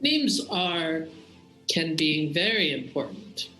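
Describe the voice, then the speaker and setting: A game master voicing a warm, sourceless spirit presence that speaks in oddly broken, foreign-sounding phrases. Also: medium pitch, big pitch swings, slow, faint music behind, exaggerated voice. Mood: mysterious. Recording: roomy echo.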